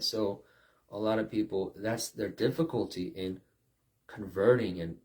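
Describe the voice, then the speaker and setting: A man preaching in a loose, conversational sermon, his voice sitting on the low side. He keeps checking in with his listeners and slips into quick acted lines along the way. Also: vocal fry, darkish tone. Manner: conversational preaching with acted-out quotes and repeated "right?".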